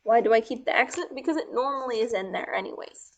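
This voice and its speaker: A woman teaching Spanish verb forms step by step while writing them out, talking through each change slowly and sometimes dropping to a soft murmur as she writes. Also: a little high, dull audio. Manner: slow, step-by-step explaining. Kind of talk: explaining grammar while writing.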